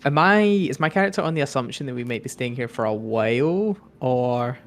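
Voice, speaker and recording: A man's voice: mid-range voice, animated, brisk. A young man playing his character in a tabletop game over a voice call, playful and hesitant. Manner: playful, giggly, hesitant fillers. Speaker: player. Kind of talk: tabletop role-play with friends.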